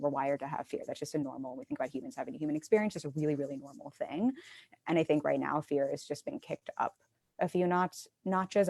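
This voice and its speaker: Woman, live stream host; low, gravelly voice; casual, chatty, self-deprecating. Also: a little mellow, no room sound. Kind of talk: casual conversational interview.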